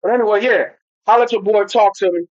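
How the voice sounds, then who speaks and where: A man's voice: sits high, quick pace, no room sound. A man hosting a casual football livestream who rambles loosely and talks straight to his chat. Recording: dull lo-fi home stream audio.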